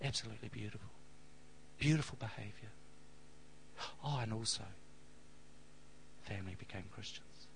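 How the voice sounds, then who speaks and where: A man's voice: lowish voice, normal speed, vocal fry, long pauses, slight background noise, poor audio. A man preaching a sermon, telling a story in a rambling, anecdotal way with many fillers. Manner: rambling anecdotal delivery with fillers, softening to a hush at the close. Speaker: pastor.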